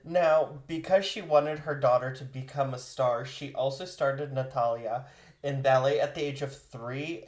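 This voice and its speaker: A man co-hosting a podcast who tells a life story in easy, conversational chat. His voice sits at a middle pitch. It carries a roomy echo. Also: a little mellow. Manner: laughs easily, recounts history conversationally. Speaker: podcast co-host.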